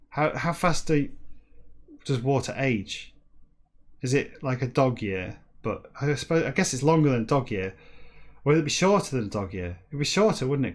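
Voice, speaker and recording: A man hosting a comedic solo podcast, rambling off on tangents, putting himself down, and reading a text aloud in slow, halting word-by-word bursts. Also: medium pitch. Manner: rambling and self-deprecating, with frequent digressions. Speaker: podcast host.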